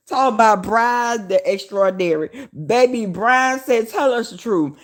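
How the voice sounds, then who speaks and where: Loud, profane Southern woman vlogger. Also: a little high, measured pace, few pauses. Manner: loud, profane and animated, hollering and addressing viewers as y'all. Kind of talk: casual livestream chat.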